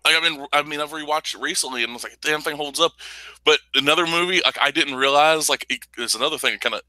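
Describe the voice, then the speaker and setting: A man's voice: a little high, quick pace, bright, forceful tone, no room sound, low-quality recording. A man hosting a podcast in casual chat, rambling and profane about old movies. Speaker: podcast host.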